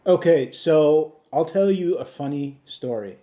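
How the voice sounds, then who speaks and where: A man's voice: on the high side, measured pace, warm tone. Dry, insistent man hosting a comedy podcast. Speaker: podcast host. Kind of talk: comedic chat with a voice assistant.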